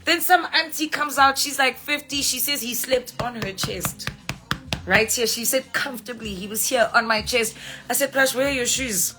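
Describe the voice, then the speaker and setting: A woman tells a story on a live stream in an animated, swearing, unfiltered way, slipping into her friends' voices. Her voice sits a little high and sounds bright and sharp. Faint music plays behind the phone mic. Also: normal speed. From South Africa. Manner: animated, swears freely, acts out friends' lines. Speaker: livestream host.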